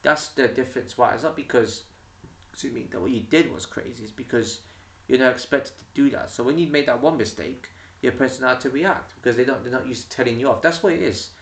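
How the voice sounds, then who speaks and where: A man's voice: mid-range voice, a little fast, creaky, recorded from a distance. A man ranting casually to camera about people who annoy him, in a rambling way with many restarts. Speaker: vlogger. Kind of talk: casual opinion rant to camera. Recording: echoey room, voice a bit off-mic.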